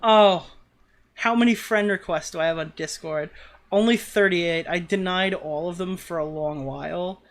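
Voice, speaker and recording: A man's voice: high voice, normal speed. A man with a New York accent streaming a game live, chatting casually with viewers and swearing in frustrated outbursts at his gameplay. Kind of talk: live gaming stream chat.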